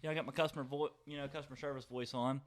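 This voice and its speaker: A man's voice: medium pitch, steady tone, rapid-fire. A young man, co-hosting a podcast, telling a rambling, profane story and laughing often. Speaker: podcast co-host. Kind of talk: casual storytelling chat.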